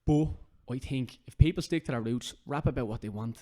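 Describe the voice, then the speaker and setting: A man's voice: mid-range voice, brisk, dark tone. An Irish man hosting a casual podcast chat, talking earnestly and emphatically and repeating his points for stress. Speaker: podcast host.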